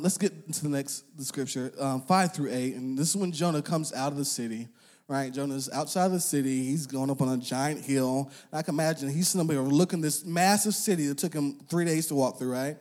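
A young man preaching a casual sermon in a conversational manner, with slang and filler words, acting out voices in the passages he quotes. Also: fairly high pitch. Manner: animated, acts out quoted voices.

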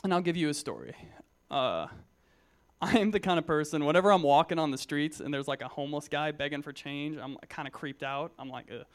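A man's voice: a little high, a little fast. A young man in his twenties giving a casual, joking sermon to young believers, full of personal stories, fillers and restarts. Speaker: Christian speaker at a youth gathering.

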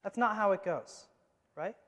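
High-voiced preaching man in reverberant hall. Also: measured pace. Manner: emphatic preaching, swings from loud to hushed. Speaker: pastor. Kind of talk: sermon. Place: church sanctuary.

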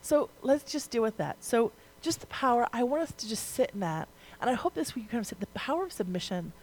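A woman's voice: a little high, lively intonation, a little fast, darkish tone, poor audio. A young woman preaching a sermon in a conversational way, using lots of casual fillers and turning emphatic at key points. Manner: conversational, rising to emphatic, frequent "like" and "right?".

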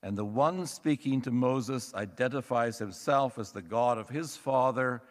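A male pastor delivers his sermon at an unhurried, deliberate pace. His voice sits at an ordinary pitch and carries a long reverb from the church around him. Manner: measured, thoughtful delivery with wry asides. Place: church sanctuary.

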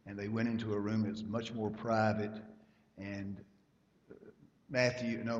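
A man's voice: fairly low pitch, darkish tone, a little hiss or hum. A man preaching a sermon, emphatic and rising in volume at key points. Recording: lo-fi hall recording with long reverb.

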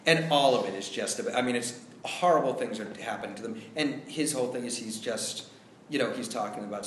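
A man's voice: medium pitch, lively intonation, brisk, a bit bright, roomy sound, a little hiss or hum. A man teaching a scene study class, telling a rehearsal story and acting out the lines he quotes. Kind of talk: classroom lecture.

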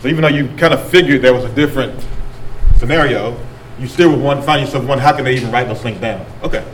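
A man's voice: mid-range voice, fast, echoey room, distant mic, a little hiss or hum, rough recording. A man from rural North Carolina leading a group workshop, talking casually and reflecting back what the audience says. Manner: conversational, repeats and reflects back answers. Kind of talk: talk with audience discussion. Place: meeting room with audience.

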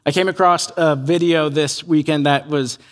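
Male pastor, sermon, high voice, earnest, animated storytelling. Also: normal speed.

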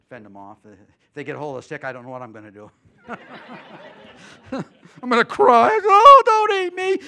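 A middle-aged man preaching as a guest pastor, telling folksy stories and moving between loud preaching and quiet, chatty asides. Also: mid-range voice. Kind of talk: sermon.

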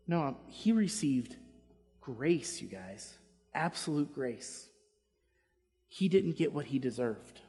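Husky-voiced man preaching in a reverberant hall. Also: mid-range voice, big pitch swings, takes it slowly, long pauses, soft background music. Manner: impassioned preaching, drops to quiet asides. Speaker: pastor. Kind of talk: sermon. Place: church sanctuary.

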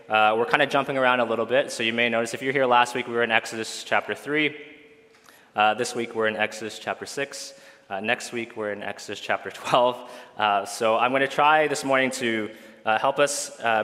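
A man's voice: mid-range voice, bright, forceful tone. A male pastor giving a conversational Sunday sermon, with frequent fillers and restarts. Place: church hall. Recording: long reverb of a church hall.

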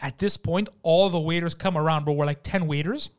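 A man telling a story in casual chat in a podcast studio, animated and profane, acting out the people in it. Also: fairly high pitch, a little fast, clean tone. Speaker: podcast guest.

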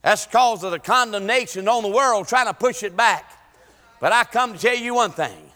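A man preaching an impassioned church sermon, rising to shouts. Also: high voice, normal speed. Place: church sanctuary. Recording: long church hall reverb.

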